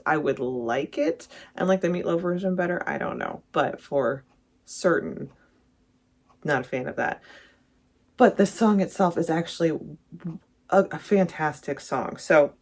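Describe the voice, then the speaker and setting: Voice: medium pitch, creaky. A vlogger ranking songs in casual, rambling commentary, correcting themselves often and gushing about favorites. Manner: rambling, self-correcting, enthusiastic. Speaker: music reviewer vlogger.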